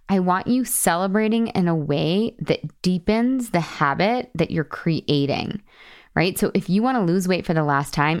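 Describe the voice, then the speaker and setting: A woman in her thirties hosts a solo podcast as a weight-loss coach, with a fairly low, clear, resonant voice. She's bubbly and chatty, laughs often, and acts out the voices of people she quotes.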